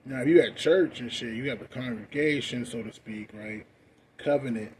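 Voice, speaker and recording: A man's voice: mid-range voice, moderate pace, slight background noise. Rambling profane young man, rant. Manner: profane and rambling, loud bursts then mumbling. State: high. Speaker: vlogger. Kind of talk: casual rant.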